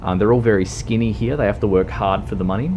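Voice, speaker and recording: A man's voice: fairly low pitch, fast talker, a little mellow, slight background noise. A man chatting casually on a livestream while gaming, hesitant with many ums and uhs. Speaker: streamer. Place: indoors at home, streaming in a fursuit.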